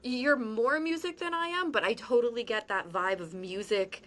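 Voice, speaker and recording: A woman hosting a podcast in a casual interview, chatty, quick to laugh and self-deprecating. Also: fairly high pitch, fairly bright tone. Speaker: podcast host.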